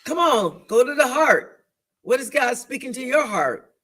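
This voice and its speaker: A woman co-hosting a church talk show, speaking in an animated, emphatic, preaching-like way, repeating phrases for emphasis and acting out inner voices. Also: high voice, a little slow, slightly rough. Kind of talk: faith discussion, preaching-like.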